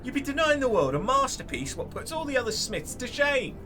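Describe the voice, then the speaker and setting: Rough blacksmith, cursing and scolding, lively voice, game music behind. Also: male voice, extremely high pitch, a little fast. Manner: coarse, scolding, swears freely. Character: gruff blunt male blacksmith, foul-mouthed.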